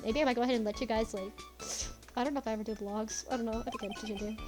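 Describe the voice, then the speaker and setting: A woman's voice: fairly high pitch, fairly even intonation, rapid-fire, music in the background. A woman chatting casually while playing a story game, rambling in asides. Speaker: let's play host.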